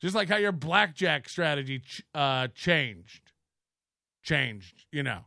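Casting: male livestream host, high bright voice, profane and mocking, dry close sound. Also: big pitch swings, takes it slowly, vocal fry, dry recording. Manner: profane, mocking, laughs often. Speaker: live show host. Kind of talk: casual livestream commentary.

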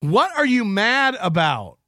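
A man's voice: high voice, sing-song, slow pace, pushed and bright, no room sound, studio quality. A middle-aged man hosting a podcast, ranting in a profane, mocking, rambling way. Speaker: podcast host. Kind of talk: casual rant reading chats.

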